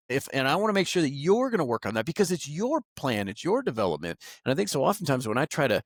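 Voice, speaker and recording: A man's voice: a little high, fast, no room sound, clean studio sound. A man talking candidly in a casual interview, acting out the things people said and owning up to his own mistakes. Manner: animated, acts out quoted remarks; candid and self-critical. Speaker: market director; guest.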